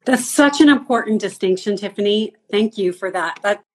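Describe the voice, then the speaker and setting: A woman's voice: mid-range voice, normal speed. A woman hosting a casual conversation, affirming her guest with enthusiasm. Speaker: host.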